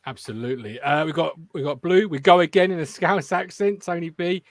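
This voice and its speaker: A man's voice: on the high side, fairly quick, no echo. A man with an English accent hosting a football fan show, chatting casually and reading out viewer comments. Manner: banter, reads viewer comments aloud.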